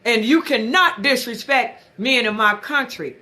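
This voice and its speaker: A woman voicing a stern, bossy male shop owner in his sixties, lecturing slowly and emphatically. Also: on the high side, expressive, pushed and bright. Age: 60s.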